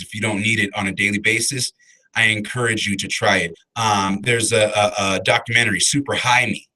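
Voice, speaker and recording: A man hosting a casual morning show, talking in a relaxed, rambling way with lots of ums and uhs. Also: fairly low pitch, rough recording. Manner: laid-back, rambling, many fillers. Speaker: radio show host.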